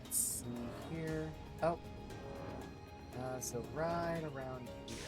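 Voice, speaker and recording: A man's voice: mid-range voice, unhurried. A man streaming a video game, chatting casually in a jokey, playful way with mock-indignant asides. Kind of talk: casual gameplay commentary. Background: game music.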